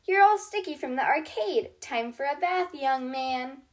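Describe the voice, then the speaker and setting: A woman's voice: high-pitched, lively intonation, unhurried. Casting: a woman playing a matter-of-fact mom sending her kid to the bath, storybook read-aloud. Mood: firm. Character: firm, practical mother.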